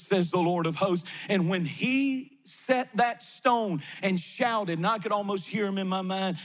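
A man's voice: high-pitched, expressive, normal speed, few pauses, fairly bright tone, soft background music. A male pastor preaching a fervent sermon with chanted, repeated refrains in a large empty sanctuary. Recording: long reverb of a big hall.

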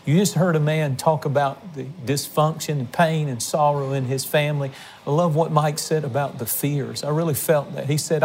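A man's voice: a little high, fairly even intonation, moderate pace, darkish tone, a little hiss or hum. A man hosting a religious television program, making an earnest, emotional fundraising appeal to viewers. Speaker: television ministry host. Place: on location.

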